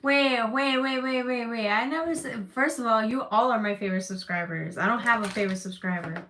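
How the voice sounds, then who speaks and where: A woman's voice: on the high side, brisk, a bit bright, a little hiss or hum. Emphatic woman reading tarot. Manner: emphatic and reassuring, repeats phrases, swears casually; emotional, close to tears at times. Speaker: tarot reader. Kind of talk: live-streamed tarot reading with chat.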